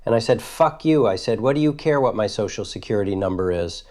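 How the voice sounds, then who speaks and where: A man in his thirties giving grand jury testimony, recounting a night in halting detail and often repeating himself. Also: fairly low pitch, lively intonation, dark tone. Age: 30s. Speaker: witness testifying. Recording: old archival audio.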